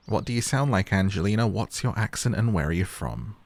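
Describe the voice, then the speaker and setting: A man's voice: lowish voice, normal speed, faint music behind. A man giving playful, joking commentary while playing a game and talking to its characters. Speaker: gaming YouTuber. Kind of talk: casual gameplay commentary.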